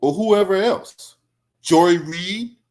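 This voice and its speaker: Man, angry political reaction stream, confrontational, profane, somewhat high pitch. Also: slow, a little mellow. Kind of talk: heated reaction commentary.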